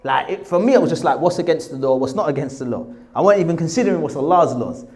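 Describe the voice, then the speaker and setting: Animated man telling his story. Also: a little high, fast. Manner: animated, self-mocking, acts out dialogue. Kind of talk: storytelling talk.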